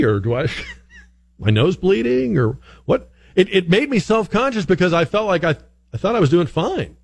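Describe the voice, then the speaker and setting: Chatty, lively-voiced radio talk host. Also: male voice, sits high, moderate pace, slightly rough, no room sound. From northern United States. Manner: chatty, animated, mimics voices mid-story. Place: radio studio.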